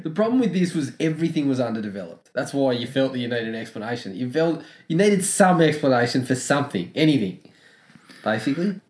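A man's voice: medium pitch, very animated, fast, darkish tone. A man ranting sarcastically about a film in casual chat, laughing as he talks. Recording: echoey room.

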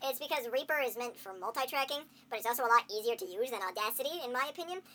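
A woman's voice: a little high, expressive, fast, sharp tone. A woman co-hosting a podcast in casual chat, explaining things at length and laughing often. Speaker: podcast co-host. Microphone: podcast mic on a shared recording track.

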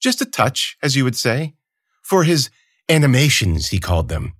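A man voicing an arrogant, contemptuous emperor in an audiobook, sneering and theatrical, pitched above his own voice. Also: big pitch swings, normal speed, husky, no room sound, studio quality. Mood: mocking. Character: arrogant contemptuous male emperor, bored and scornful. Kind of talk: audiobook character voice.

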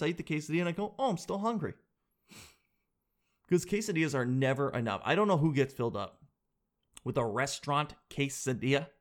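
A man in his thirties telling a self-deprecating comic story in casual chat, with lots of animated quoted voices. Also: a little high.

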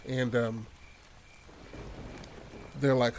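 A man's voice: medium pitch, steady tone, measured pace, slight background noise. Rambling casual male storyteller. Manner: rambling, loose, lots of fillers and swearing. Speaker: podcast co-host pitching a horror story.

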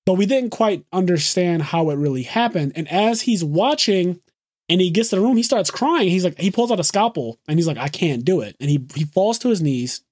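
A man hosting a podcast, excitedly recapping an anime episode in casual, profane, run-on talk. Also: high voice, no room sound, clean studio sound. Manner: excited, swears freely, rapid run-on retelling. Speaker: podcast host.

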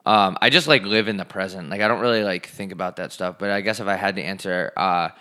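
A man co-hosting a podcast with a bright, forceful voice. He rants in fast, profane bursts and sounds a bit out of breath. He talks casually from his living room. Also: low-pitched, steady tone, clear, resonant tone. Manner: profane, ranting, fast and emphatic. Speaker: podcast co-host.

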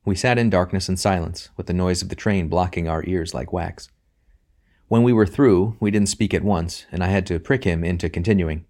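Deep-voiced male audiobook narrator. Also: moderate pace, a little mellow. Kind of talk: audiobook reading.

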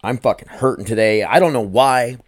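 A man's voice: medium pitch, fairly quick, no echo, studio quality. A man hosting his own podcast, rambling, swearing and emotional, calling the listeners "you guys.". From United States. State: emotional, choked up. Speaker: podcast host. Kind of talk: casual solo podcast monologue.

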